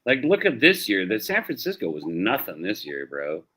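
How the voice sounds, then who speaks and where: A man's voice: lowish voice, wildly swooping pitch, moderate pace, a bit bright. A man from the United States co-hosting a casual sports talk show, loose and profane, calling everyone dude and bro. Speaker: co-host.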